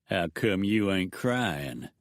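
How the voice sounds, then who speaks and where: A man's voice: low-pitched, very animated, slow pace, no room sound, studio quality, heavily acted. A man voicing a crude, leering outlaw with a lazy, coarse drawl. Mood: mocking.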